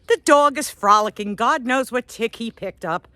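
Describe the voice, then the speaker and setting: Woman in her own voice as a dismissive young daughter, plain and flat. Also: on the high side, normal speed, no room sound. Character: unbothered nine-year-old girl, scolding her mother.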